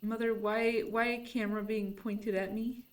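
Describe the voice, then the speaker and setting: A woman's voice: mid-range voice, flat delivery, normal speed, recorded from a distance, lightly acted. Woman voicing her baffled grumpy house cat. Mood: confused. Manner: indignant, baffled grumbling. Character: annoyed, confused house cat.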